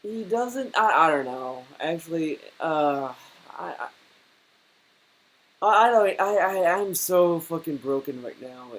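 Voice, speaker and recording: A man's voice: a little high, lively intonation, slow, fairly bright tone, low-quality recording. A man giving a reaction commentary as a YouTuber, stammering and repeating words as he rants and swears.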